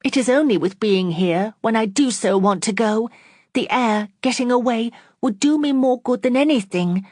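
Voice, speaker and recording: A woman's voice: mid-range voice, normal speed, breathy edge, dry recording, studio quality, voice pushed up, lightly acted. A woman voicing an injured young woman in an audiobook, speaking faintly but insistently, pleading to leave.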